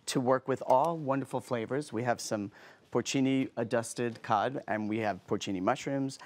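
A man's voice: mid-range voice, normal speed. A man who is a guest chef on a TV studio kitchen set, giving a friendly, step-by-step cooking demonstration on a lapel mic. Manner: friendly, instructive, explains step by step. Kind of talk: cooking demonstration on a talk show.

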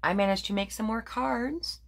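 Here an older woman rambles through her crafts in a casual show-and-tell vlog, full of fillers and corrections of herself. She speaks at a normal speed in a slightly high, creaky voice.

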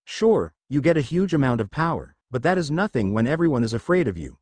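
A man's voice: medium pitch, big pitch swings, fast, darkish tone, husky, no room sound. A man voicing a brash, bitter young male ninja in a fan story reading, in his own voice.

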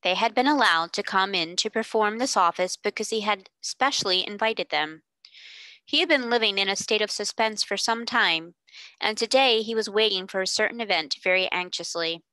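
Bright-voiced woman reading a classic aloud. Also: medium pitch, moderate pace, no echo. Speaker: reader. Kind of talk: audiobook narration.

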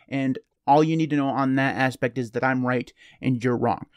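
A man hosts his own channel in a loose, rambling solo talk, cracking self-deprecating jokes as he goes. His voice sits at an ordinary middle pitch. It is recorded close and dry, with no room echo. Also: level tone, moderate pace, clear, resonant tone. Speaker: channel host. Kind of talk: casual solo talk to camera.

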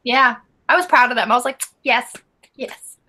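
Woman, book club co-host; bright, giggly, casual. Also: fairly high pitch, steady tone, moderate pace. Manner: chatty, giggly, reads listener comments aloud.

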